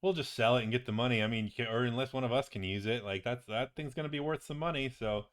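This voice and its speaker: A man voicing a chatty, excitable male wizard ally who rambles on in a tabletop game. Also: mid-range voice, quick pace, voice pushed up, lightly acted. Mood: excited.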